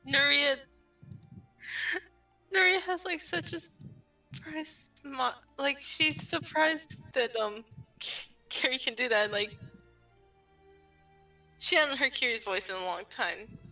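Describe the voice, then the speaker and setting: Slow-talking, bright-voiced woman player. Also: high voice. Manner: slow, thoughtful, describes her character's reactions. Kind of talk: tabletop game play. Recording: distant mic, faint music behind.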